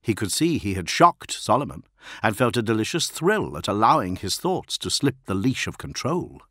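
A man narrates an audiobook in a low voice. His pitch rises and falls dramatically. His reading is measured. The recording is dry and close. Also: very animated, a bit bright, slightly rough, no room sound. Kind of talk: scripted narration.

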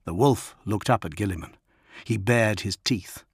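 A man reading an audiobook as narrator, measured and quiet. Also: fairly low pitch, breathy edge, dry recording, clean studio sound. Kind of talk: scripted narration.

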